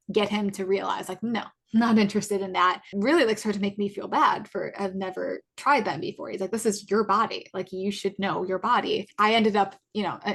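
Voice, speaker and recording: A woman in her twenties, a podcast co-host, telling a personal story in a casual, halting way, full of fillers and self-corrections. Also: medium pitch, fairly bright tone. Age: 20s.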